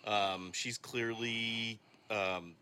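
A man's voice: fairly low pitch, fairly even intonation, drawn-out words, pushed and bright, slight background noise. A man co-hosting a podcast, chatting in an upbeat, casual way. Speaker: podcast co-host. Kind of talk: podcast chat.

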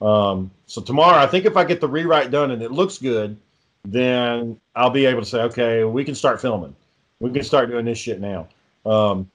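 A man who hosts the podcast and makes indie films, talking in a laid-back casual chat and swearing constantly. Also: mid-range voice. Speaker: podcast host and indie filmmaker.

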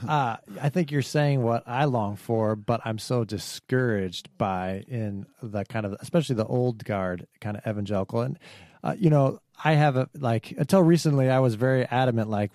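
A man's voice: mid-range voice, normal speed, darkish tone, no room sound, clean studio sound. A man co-hosting a podcast discussion, talking earnestly with frequent fillers and restarts. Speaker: podcast co-host.

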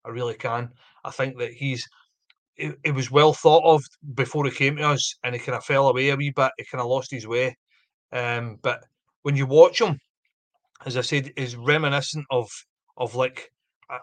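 Enthusiastic football pundit. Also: male voice, medium pitch, a bit bright, dry recording. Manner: enthusiastic, repeats words for emphasis. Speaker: podcast pundit. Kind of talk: football podcast chat.

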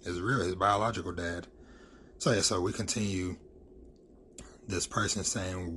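A man's voice: low voice, steady tone, unhurried, pauses often, fairly bright tone, slight background noise. A man giving a casual, rambling recap of a manga chapter, full of fillers and the word "freaking". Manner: loose and rambling, filler-heavy, says "freaking" a lot.

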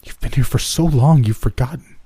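A man's voice: medium pitch, a little fast, warm tone, breathy edge, no echo, voice pushed up, lightly acted. A man voicing a frightened young woman trapped in a nightmare, pleading and urgent.

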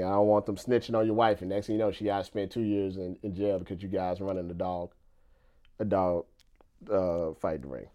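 A man's voice: on the low side, highs cut off. A man chatting casually on his live stream, loose and conversational, repeating himself and leaning on "you know.".

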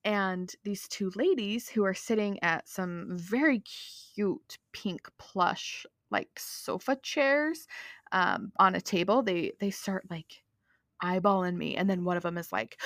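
A woman's voice: mid-range voice, lively intonation, measured pace, a bit bright, no echo, clean studio sound. A young woman from Utah hosting a podcast, chatting in a bubbly storytelling way. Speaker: podcast host. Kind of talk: casual solo podcast chat.

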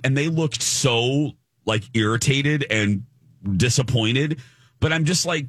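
A man's voice: mid-range voice, moderate pace, no room sound, studio quality. A man co-hosting a podcast, telling a story in casual chat and acting out what people said. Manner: animated, acts out quoted voices. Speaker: podcast co-host.

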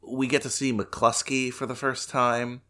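A man's voice: mid-range voice, little pitch movement, unhurried, sharp tone. A man co-hosting a podcast, chatting casually and laughing often. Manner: laid-back, laughs often, does mock accents in quotes. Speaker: podcast co-host. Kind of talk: casual chat. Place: home.

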